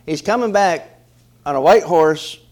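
A middle-aged male pastor preaching a sermon in an animated way, often repeating words and asking the congregation questions. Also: a little high, measured pace.

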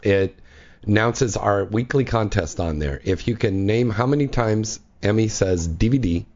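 A man hosting a casual radio talk show, playful and quick to laugh and tease his guest. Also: fairly low pitch, a little mellow. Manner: playful, laughs often, jokey teasing. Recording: dull lo-fi radio audio.

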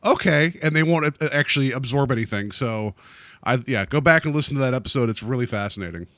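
A man's voice: medium pitch, animated, fast talker, a bit bright, dry recording. A man co-hosting a podcast in casual chat, rambling and joking as he corrects himself. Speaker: podcast co-host.

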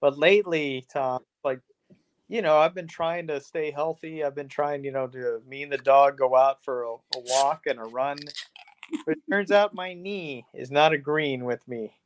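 A man's voice: on the high side, moderate pace, highs cut off. Rambling, self-deprecating male podcaster. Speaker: podcast co-host. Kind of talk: casual podcast chat.

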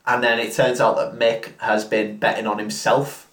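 A man's voice: fairly low pitch, little pitch movement, normal speed, a bit bright, roomy sound. A man casually retelling a film plot in a rambling, sweary way, full of fillers. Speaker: podcast co-host retelling a film. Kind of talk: casual drunken chat.

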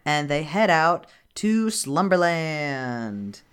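A woman's voice: low-pitched, sing-song, extremely slow, clear, resonant tone. A woman co-hosting a podcast, casually retelling a movie plot with laughs and swearing. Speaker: podcast co-host. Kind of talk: casual chat recapping a movie.

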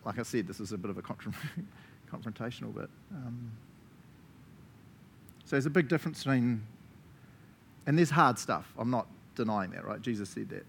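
A man with a New Zealand accent preaching a sermon as pastor, animated, laughing often and checking in with listeners with frequent "right?". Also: medium pitch, moderate pace, gravelly, long pauses, slight background noise.

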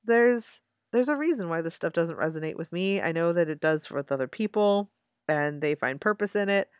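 A woman's voice: fairly low pitch, expressive, fairly quick, clean tone, dry recording, clean studio sound. A woman co-hosting a casual discussion podcast, thoughtful and wry, often agreeing with short fillers.

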